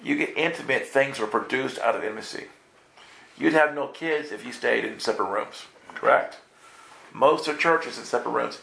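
Gravelly, bright-voiced New preacher. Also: male voice, mid-range voice, moderate pace. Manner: playful, acts out voices, quizzes the congregation. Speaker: pastor. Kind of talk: lively live sermon.

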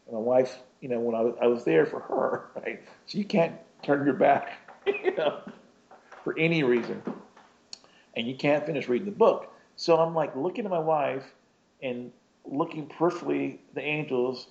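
Man, casual storyteller, rambling and self-interrupting with chuckles, middle pitch, dull lo-fi recording. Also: normal speed, creaky, a little mellow, a little hiss or hum.

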